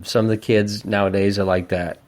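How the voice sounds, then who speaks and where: A podcast host reviews an old album on his own show, rambling casually, swearing often and getting excited about the music. His voice sits on the low side and moves a little fast.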